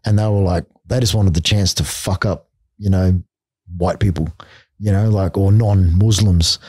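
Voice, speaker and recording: A man's voice: low-pitched, steady tone, normal speed, warm tone, husky, no room sound, clean studio sound. A middle-aged Australian man and army veteran, telling stories in a casual podcast interview, blunt and full of swearing. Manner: blunt, heavy swearing, laughing between stories.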